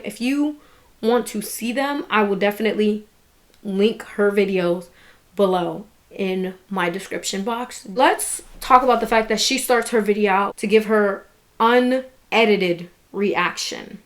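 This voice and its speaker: A woman vlogger giving candid, indignant commentary on a documentary, talking casually and swearing now and then. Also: mid-range voice.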